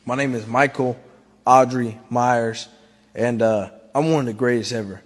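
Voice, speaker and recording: A man's voice: medium pitch, fairly even intonation, normal speed, lightly acted. A man playing a bragging slasher villain, interview parody. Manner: bragging, rambling. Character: boastful male slasher villain giving a mock interview. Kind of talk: comedy sketch interview. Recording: hip hop music behind.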